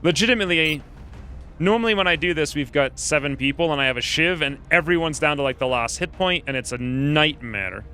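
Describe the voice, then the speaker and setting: A man's voice: on the high side, expressive, fairly quick, sharp tone, soft background music. A man giving casual gameplay commentary, joking, self-mocking and thinking aloud about his choices. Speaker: gaming streamer.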